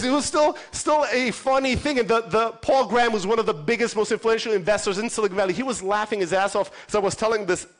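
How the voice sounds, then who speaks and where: A man's voice: high-pitched, a bit bright. A man from Europe in his thirties giving a conference keynote, telling stories in a punchy, profane way and acting out the dialogue. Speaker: conference speaker. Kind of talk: animated storytelling keynote. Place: conference stage.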